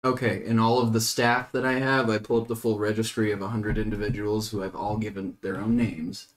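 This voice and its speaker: A man's voice: on the low side, little pitch movement, brisk. A man playing a tabletop game, talking casually in a hesitant, rambling way with many restarts. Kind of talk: casual in-character play chat.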